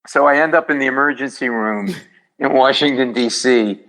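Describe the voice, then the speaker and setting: A man, a comedian guest, telling a story in animated fashion and often jumping into high voices for the people in it. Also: moderate pace, rough recording. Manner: excitable, jumps into high put-on voices for people in stories.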